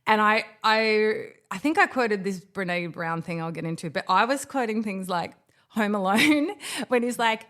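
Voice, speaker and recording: A woman's voice: mid-range voice, normal speed. A woman hosting a podcast in casual chat, telling stories dramatically and swearing now and then. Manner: animated, dramatic storyteller. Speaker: podcast host.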